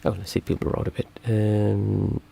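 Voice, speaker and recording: A man hosting a meditation stream, answering viewer questions in a calm, reflective, halting way. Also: fairly low pitch, vocal fry, slightly rough. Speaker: meditation teacher and stream host. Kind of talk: livestream Q&A talk.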